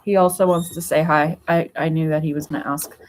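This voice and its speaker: A woman in her forties talks straight to camera from home in a loose, rambling monologue. Her voice sits a little low, and she is blunt, cursing freely as she goes. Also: steady tone, a little fast, rough recording. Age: 40s. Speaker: vlogger. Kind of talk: casual personal monologue. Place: home with pets.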